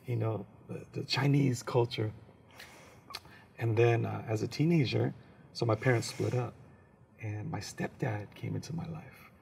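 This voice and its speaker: A man from San Francisco, a comedian, telling comic stories as an interview guest in an animated, joking way. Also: medium pitch, measured pace, gravelly, a little hiss or hum. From San Francisco, USA. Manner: animated, jokes and slips into impressions.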